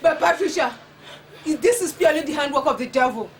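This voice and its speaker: An actress with a Nigerian accent playing a friend who pleads for the boys. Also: female voice, high-pitched, expressive, fast talker. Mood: pleading.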